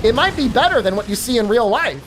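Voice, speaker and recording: Animated high-voiced woman streamer. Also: quick pace, music in the background. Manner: animated storyteller, lots of "like", swears freely. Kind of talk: casual chat while gaming.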